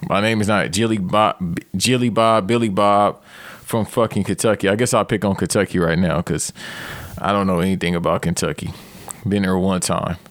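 Casting note: man in his thirties, lowish voice, dry close podcast mic, rambling profane comedy rant. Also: moderate pace, no echo. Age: 30s. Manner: profane, rambling, animated outbursts. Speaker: podcast host.

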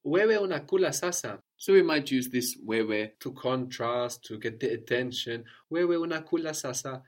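A man's voice: mid-range voice, animated, normal speed. A man teaching a language lesson, patiently prompting his student and repeating her answers.

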